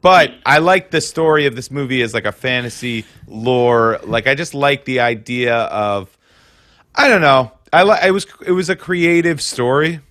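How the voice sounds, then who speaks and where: A man co-hosts a relaxed film chat, rambling with many fillers. His voice is bright and forceful, and the recording is dry and close. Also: normal speed, dry recording. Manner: rambling, heavy on fillers, jumps up in pitch for mock impressions. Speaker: podcast co-host. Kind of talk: casual chat about a film.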